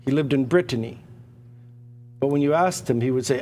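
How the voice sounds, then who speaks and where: A man running a live auction stream, pitching hard with emphatic, repetitive, excitable patter. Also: normal speed, big-room sound.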